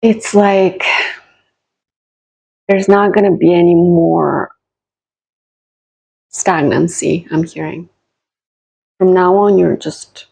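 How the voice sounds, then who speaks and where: Gravelly-voiced woman giving a gentle reading. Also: lowish voice, poor audio. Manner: soothing, encouraging, repeats phrases; direct address to viewers. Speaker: psychic and spiritual coach. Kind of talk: casual channeled reading to camera.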